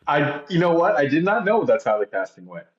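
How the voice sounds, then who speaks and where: A man, an actor guest in an interview, speaking haltingly and repeating words as he hunts for what to say. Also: on the high side, big pitch swings, reverberant, lo-fi sound. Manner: halting, repeats words while searching for them. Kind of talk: casual interview chat.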